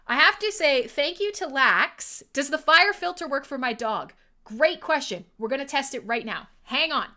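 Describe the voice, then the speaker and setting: A woman's voice: sits high, lively intonation, normal speed, sharp tone. A woman hosting a casual livestream, chatty and playful, laughing often. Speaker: livestream host.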